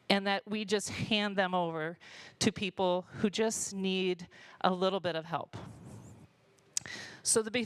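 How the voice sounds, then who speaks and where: A woman's voice: mid-range voice, a bit bright, clean tone, no room sound, low-quality recording. A woman telling heartfelt stories about her work leading a charity store, at a church gathering. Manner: heartfelt storytelling, emotional. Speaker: charity store volunteer leader. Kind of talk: church testimony talk.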